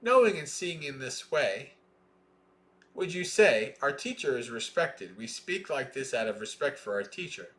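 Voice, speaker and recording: A man reading a Buddhist scripture aloud in a slow, measured way, with plain explaining asides between passages. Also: mid-range voice, very animated, a bit bright. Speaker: Dhamma reader.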